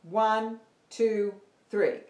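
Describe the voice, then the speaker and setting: A woman's voice: mid-range voice, extremely slow, a little mellow, roomy sound, a little hiss or hum. A woman teaching an online singing lesson, upbeat and counting her students in.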